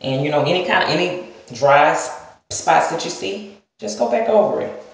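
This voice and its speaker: A woman with a low-sitting, creaky voice and lively intonation talks at a normal speed, her Southern US accent coming through as she rambles casually through a hair-care vlog. She's chatty and addresses viewers directly with "y'all" and "girl." The recording was made in a very echoey room.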